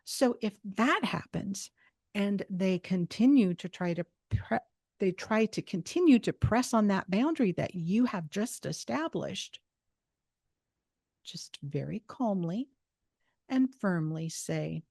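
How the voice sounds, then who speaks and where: A woman hosting a self-help talk, giving steady, instructive advice and repeating phrases for emphasis. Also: mid-range voice, slow, gravelly, no room sound, clean studio sound. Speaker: host.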